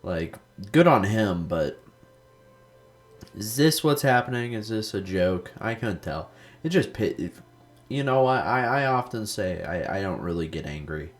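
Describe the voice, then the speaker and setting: A young man with a very low voice talks over his gameplay in a loose, rambling way. He drifts into stories, swears freely and fills his sentences with "like," sounding like a casual gaming host. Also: expressive, measured pace, soft background music. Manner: rambling storytelling, heavy swearing, lots of "like".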